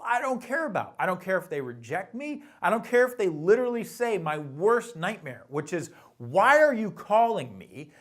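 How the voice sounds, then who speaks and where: Animated, emphatic motivational man. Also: sits high. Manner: emphatic, exhorting, swings from hushed to punchy. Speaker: sales coach. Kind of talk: motivational talk to camera.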